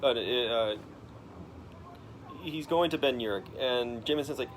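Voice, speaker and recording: A young man walks his father through a comic book plot. He talks casually in an average-pitched voice, halting and restarting often, with a faint hiss of noise behind him. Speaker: son explaining a comic to his dad. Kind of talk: casual storytelling.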